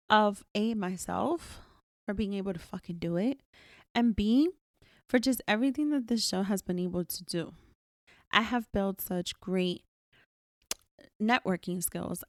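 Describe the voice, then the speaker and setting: A woman's voice: mid-range voice, gravelly, darkish tone, no echo, clean studio sound. A woman hosting her own podcast alone, talking candidly and emphatically and swearing freely. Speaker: podcast host. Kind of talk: solo podcast monologue.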